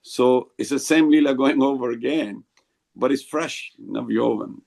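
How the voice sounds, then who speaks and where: A man leading a devotional group discussion over a video call, explaining slowly and rambling a little. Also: mid-range voice, vocal fry, a little mellow.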